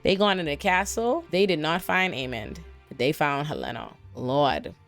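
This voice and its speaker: Animated slangy woman recapping TV. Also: deep voice, normal speed, faint music behind. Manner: animated, emphatic, slangy storytelling with exclamations. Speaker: TV recap host. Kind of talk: casual TV episode breakdown.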